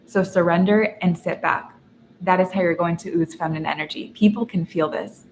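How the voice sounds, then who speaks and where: A young woman coach teaching a masterclass, talking earnestly and telling animated stories with a laugh now and then. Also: fairly low pitch, a little hiss or hum. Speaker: feminine energy coach. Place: in Dubai. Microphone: seated while teaching.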